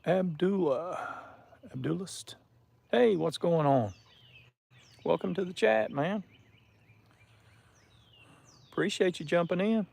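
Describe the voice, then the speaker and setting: Outdoors by a river, a man hosts a relaxed live stream, chatting steadily and greeting viewers one by one by name. His voice is a bit high for a man, gravelly and creaky, and he speaks slowly with frequent pauses.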